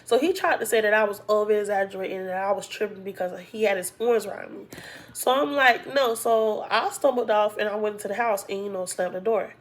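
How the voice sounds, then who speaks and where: A woman casually telling viewers a personal story in an animated, colloquial way, using "y'all" and "like" a lot. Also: mid-range voice, brisk. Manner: animated, acts out quoted dialogue, heavy use of "like". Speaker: storytime vlogger.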